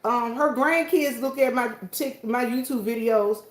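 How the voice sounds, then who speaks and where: A woman's voice: a little high, unhurried, slight background noise. Chatty Southern woman in a roomy church. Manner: chatty, folksy, storytelling with dialect. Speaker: church worker and vlogger. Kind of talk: casual chat to viewers. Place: empty church, indoors.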